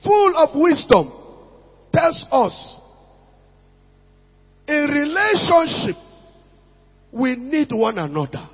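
A man's voice: extremely high pitch, big pitch swings, slow pace, long pauses. A man preaching a sermon as pastor, calling out to his congregation and asking them for responses. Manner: preaching with call-outs to the congregation. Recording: muffled lo-fi recording in a reverberant hall.

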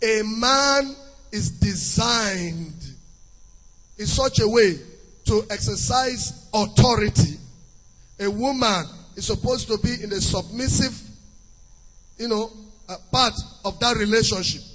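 A man's voice: high-pitched, takes it slowly, pauses often, fairly bright tone. A man preaching a sermon, emphatic and sing-song, repeating key phrases. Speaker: pastor. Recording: long hall reverb with faint music.

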